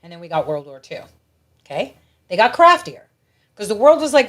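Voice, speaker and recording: A woman's voice: mid-range voice, big pitch swings, brisk, fairly bright tone. A woman hosting her own show, giving blunt, profane political commentary in a ranting manner. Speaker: show host.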